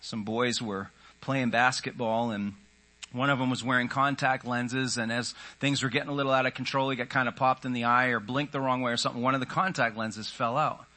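A man's voice: mid-range voice, fairly even intonation, brisk, pushed and bright. A man preaching a sermon in an earnest, conversational way, often voicing the inner thoughts of his listeners. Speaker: pastor.

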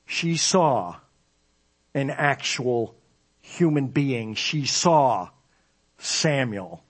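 A man's voice: mid-range voice, expressive, extremely slow, long pauses. A man preaching a sermon, reading scripture aloud dramatically and explaining it to his congregation. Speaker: pastor.

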